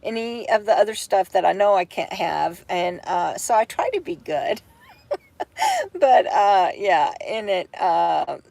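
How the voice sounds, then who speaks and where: A tired, brain-foggy woman, chatting on a home livestream from bed, halting and full of fillers and restarts as she reads viewer comments. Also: medium pitch, lively intonation, creaky, a little mellow. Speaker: vlogger hosting a livestream. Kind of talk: rambling livestream chat.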